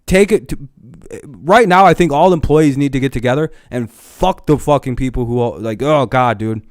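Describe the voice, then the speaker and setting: A man's voice: medium pitch, moderate pace, no echo, clean studio sound. A young man hosting a live stream who rants heatedly, swearing often. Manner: heated, profane, ranting. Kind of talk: casual live stream rant.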